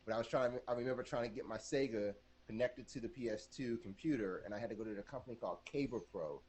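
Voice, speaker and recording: A man co-hosting a gaming podcast, talking in a casual, animated, rambling way. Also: medium pitch, fast, slightly rough. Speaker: podcast co-host.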